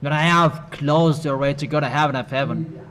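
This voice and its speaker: A man preaching a sermon in a halting, repetitive, scolding way. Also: a little high, fairly bright tone, a little hiss or hum.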